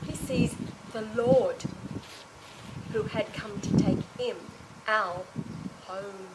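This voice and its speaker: A woman telling an emotional personal anecdote to a small group, animated and exclamatory, with frequent restarts and laughing or tearful breaks. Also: a little high, slow pace, heavy background noise. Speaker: storyteller recounting an experience to a small group.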